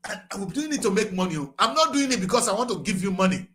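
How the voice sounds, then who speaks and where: Nigerian guy ranting about politics, high voice, gets loud and repeats himself. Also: animated, fast talker. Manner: fiery, repetitive, rising to shouts. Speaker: current affairs show host. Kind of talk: passionate political commentary.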